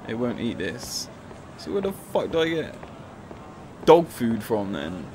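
A man's voice: mid-range voice, big pitch swings, unhurried, noisy background. A man giving casual, profane and jokey commentary while playing a video game. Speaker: gameplay commentator. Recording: game music playing behind the voice.

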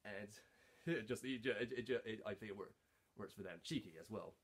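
Halting, low-voiced man chatting casually. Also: husky. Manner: halting, with many fillers and restarts. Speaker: hobby voice actor. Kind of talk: casual talk to camera.

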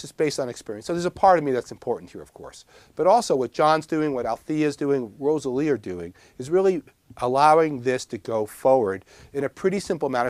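A man with a New York accent lectures on herbal first aid at a middling pitch. He talks in a casual, digressive way with self-deprecating asides. The sound is dry, with no room echo. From Long Island, New York. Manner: gestures a lot while talking. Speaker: herbalist teacher.

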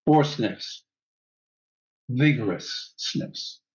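A man leading a guided breathing class, giving calm, soothing instructions at an unhurried pace. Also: medium pitch, slightly rough, dull audio. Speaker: breathwork teacher.

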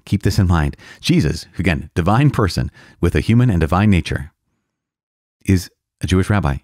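A very deep-voiced man speaks as a priest, explaining a text in a casual, earnest manner. He reads short passages aloud and then talks through them in plain words, laughing lightly here and there. The sound is dry and close, with no room around the voice. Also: darkish tone, no room sound. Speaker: priest and podcast host. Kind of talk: casual teaching commentary on a text.

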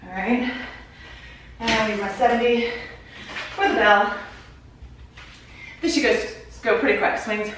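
Fitness instructor, woman, slow-paced rep counting, breathless, heard from across a very echoey room. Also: on the high side, fairly even intonation. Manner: counts reps aloud while exercising, short cues. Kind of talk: workout instruction. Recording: very echoey room, voice far from mic, faint noise.

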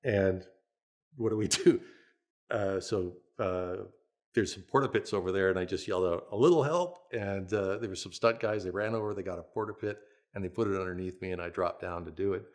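An older man with a very low voice recalls his working life in a relaxed, storytelling way. He restarts his sentences often and chuckles as he talks, like someone being interviewed about a long career. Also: brisk. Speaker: veteran stunt performer and coordinator.

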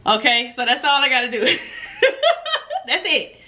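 A woman food vlogger chats casually with her viewers in a mukbang vlog, nervous and giggly, laughing often. She talks fast, with a slightly high voice and a bright, forceful tone.

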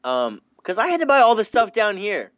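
A man's voice: high-pitched, huge pitch swings, fairly bright tone, no room sound, highs cut off. A young man bantering and teasing his friend during a casual let's-play, laughing often. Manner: teasing, playful, quick to laugh. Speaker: guest gaming partner.

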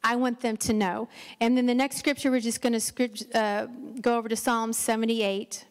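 A woman's voice: fairly high pitch, level tone, moderate pace, clean tone. A middle-aged woman giving an encouraging Mother's Day sermon from a church stage, often stumbling and restarting her sentences. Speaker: pastor's wife preaching. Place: church sanctuary. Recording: long church hall reverb.

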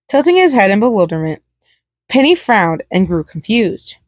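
A woman reading a fan story aloud, dramatic and expressive with a few stumbles. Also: medium pitch, normal speed, dry recording, clean studio sound. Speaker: fan fiction reader.

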